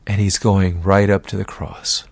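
A man preaching a sermon, telling the story dramatically and slowing down to stress key words. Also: low-pitched, level tone, creaky, a little mellow, slightly rough, dry recording.

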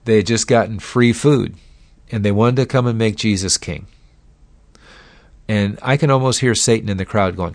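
A man preaching a sermon, telling the story dramatically and slowing down to stress key words. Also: on the low side, no echo.

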